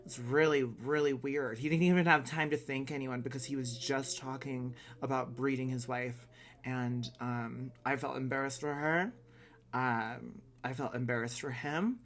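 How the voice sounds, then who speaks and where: A man of middle pitch speaks in a casual reaction vlog. He is blunt and sarcastic, airs strong opinions freely, and swears offhandedly. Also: steady tone, moderate pace, a bit bright. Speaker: vlogger.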